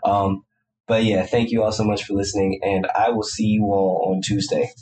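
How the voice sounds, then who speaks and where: A low-pitched man with a stuffy, nasal voice chats his way through a solo sports podcast. His delivery is casual and opinionated, and he rambles from point to point. A constant hum sits clearly under his voice. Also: level tone, normal speed, a little mellow, low-quality recording. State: congested, nasal. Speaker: podcast host.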